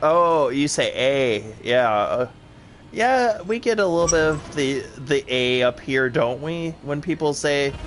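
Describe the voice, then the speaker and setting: A man's voice: a little high, expressive, measured pace, fairly bright tone, faint music behind. A man with a Wisconsin accent chatting casually while playing a game, rambling and full of fillers. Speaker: co-host of a gaming stream.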